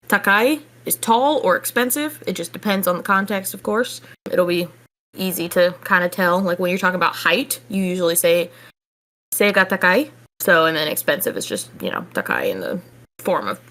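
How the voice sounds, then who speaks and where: Chatty woman teaching a language lesson. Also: medium pitch. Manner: relaxed, chatty explaining with casual fillers. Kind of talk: casual online language lesson.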